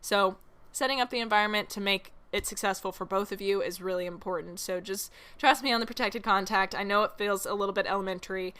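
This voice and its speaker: A woman's voice: medium pitch, fairly even intonation, quick pace, bright, forceful tone, clean tone. A woman hosting a solo podcast, teaching horse training in a chatty way, laughing often and making self-mocking asides.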